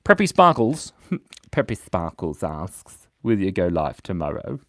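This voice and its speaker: Man, livestream drawing host, playful, lively swooping pitch, dry close sound. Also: a little slow, no echo. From Australia. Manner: playful, jumps between loud bursts and mumbled asides. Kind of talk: casual live-stream chat reading comments. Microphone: mic set in a beard.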